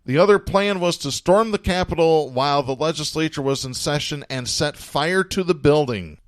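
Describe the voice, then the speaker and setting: Sardonic, higher-voiced man. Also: moderate pace, dry recording. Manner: sardonic, chuckles while reading. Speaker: podcast host. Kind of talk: casual political talk, reading news aloud.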